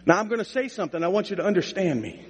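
Husky high-voiced pastor in a reverberant hall. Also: male voice, very animated, very fast. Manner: folksy, humorous storytelling, rising to preaching emphasis. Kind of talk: sermon with storytelling. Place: church sanctuary. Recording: long reverb of a church hall.

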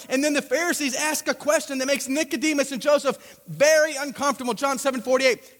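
A man's voice: very high voice, brisk, few pauses, a bit bright, long reverb tail. A man preaching a sermon, telling a joking personal story between scripture readings. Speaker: pastor.

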